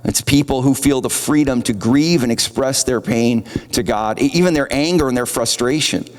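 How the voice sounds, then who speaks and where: A man's voice: mid-range voice, normal speed. Male pastor, earnest conversational sermon voice, long hall reverb. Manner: earnest, conversational preaching with acted-out quotes. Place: church auditorium.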